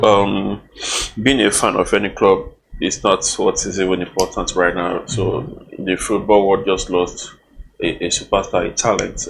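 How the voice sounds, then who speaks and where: A man talks as a football pundit in a TV studio. His voice is very deep and gravelly, and he keeps it flat and measured as he reflects. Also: low-quality recording. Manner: measured, reflective, with some restarts. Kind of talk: studio discussion, casual.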